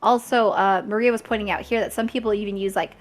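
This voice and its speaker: A woman's voice: mid-range voice, steady tone, fast talker. Chatty, upbeat woman giving creator advice. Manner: chatty, upbeat, laughs often. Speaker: guest content creator. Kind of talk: casual chat.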